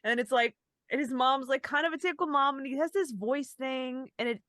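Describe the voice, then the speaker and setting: A woman's voice: sits high, brisk, fairly bright tone, no echo, studio quality. A woman co-hosting a podcast in casual chat, rambling and self-deprecating, laughing often. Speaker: podcast co-host.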